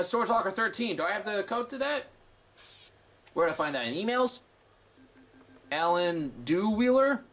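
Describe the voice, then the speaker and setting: Excitable profane man narrating his gameplay. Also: high voice, slight background noise. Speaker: gameplay streamer. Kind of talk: let's play commentary.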